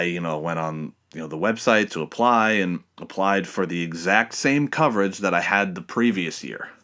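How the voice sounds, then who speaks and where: A man's voice: sits low, a bit bright. A man hosting a podcast alone, telling rambling, profane stories in a casual way. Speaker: podcast host.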